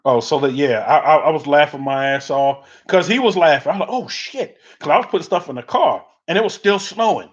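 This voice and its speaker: A man's voice: a little high, fast talker, few pauses. A middle-aged man hosting a livestream, telling loose, rambling stories in casual chat while answering viewer comments. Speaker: livestream host. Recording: dull lo-fi audio.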